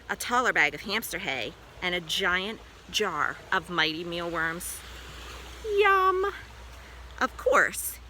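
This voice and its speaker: A woman's voice: mid-range voice, pushed and bright, a little hiss or hum, low-quality recording. A woman reading a children's book aloud in first person, playful and full of exclamations. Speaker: storyteller.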